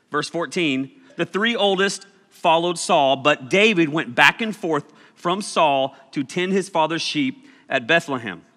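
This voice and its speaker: A preacher delivers a casual sermon full of jokes and stories, speaking with animated energy. His voice sits a bit high, bright and forceful, and the recording has the long reverb of a large hall.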